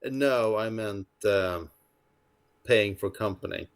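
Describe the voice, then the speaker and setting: A man's voice: on the low side, slow pace, clean tone. A man playing a character in a tabletop role-playing game, giving short, laid-back replies. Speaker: player.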